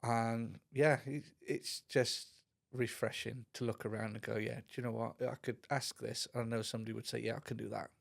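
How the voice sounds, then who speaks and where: A man's voice: mid-range voice, flat delivery, brisk, gravelly, hardly any pauses. A middle-aged man co-hosting a podcast in casual chat, laid-back and chummy. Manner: laid-back, chummy, often says "mate". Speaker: podcast co-host.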